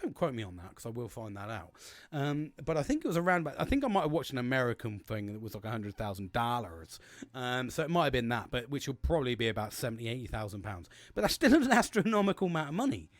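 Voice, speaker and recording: A man's voice: mid-range voice, sing-song, fast talker, no echo. Sweary, rambling man. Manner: rambling and sweary, with many restarts. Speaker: podcast host. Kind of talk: casual solo monologue.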